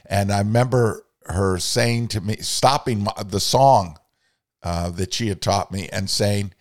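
A man's voice: fairly low pitch, unhurried, no room sound, studio quality. An older man hosting a podcast, speaking in an earnest, reflective monologue and quoting passages aloud with feeling. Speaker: podcast host.

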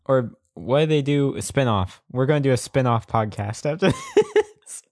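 A man's voice: mid-range voice, huge pitch swings, moderate pace, a little mellow, no echo, clean studio sound. A young man co-hosting a casual podcast chat, laid-back and rambling. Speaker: podcast co-host.

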